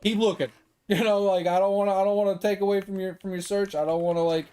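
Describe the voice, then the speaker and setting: A man's voice: sits high, flat delivery, quick pace, dark tone, smooth. A man streaming a game and telling a story in casual, profane chat, laughing often. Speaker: gaming streamer. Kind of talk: casual storytelling while gaming.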